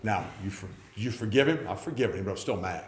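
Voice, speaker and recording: A man's voice: fairly low pitch, animated, fast, echoey room. A man in his forties preaching a sermon, telling stories and acting out the voices of the people he quotes. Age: 40s. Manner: storytelling, acts out quoted voices. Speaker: pastor.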